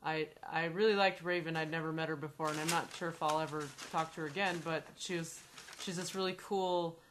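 A woman's voice: deep voice, steady tone, fairly quick, noisy background. A woman hosting a podcast, telling a story in casual, playful chat and teasing her co-host. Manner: chatty, playful, swears and teases.

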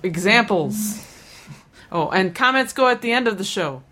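A woman's voice: medium pitch, animated, moderate pace, bright, forceful tone, slight background noise. A woman co-hosting a podcast in casual chat, laid-back and dryly dismissive in banter. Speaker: podcast co-host.

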